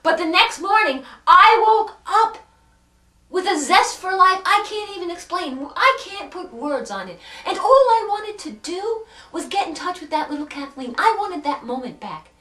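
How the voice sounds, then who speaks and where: A woman with a high voice tells a heartfelt personal story, earnest and full of dramatic pauses. She swings between hushed and loud passages. She sits back from the mic in an echoey room. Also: very animated, far from the mic. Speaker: self-help speaker.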